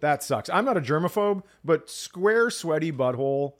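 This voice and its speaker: A man's voice: on the high side, lively intonation, normal speed. A man co-hosting a comedy podcast, joking crudely and teasing his partner in casual chat. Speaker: podcast co-host.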